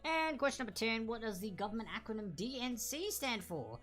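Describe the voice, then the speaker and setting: A woman hosting a casual live online trivia quiz, chatting and repeating each answer slowly and clearly. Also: fairly high pitch, sing-song, a bit bright.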